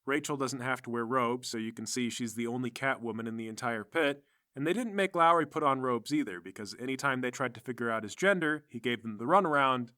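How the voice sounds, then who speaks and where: Bright-voiced man running a tabletop game. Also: mid-range voice, fairly quick, no echo, studio quality. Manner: chatty, descriptive. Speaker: game master.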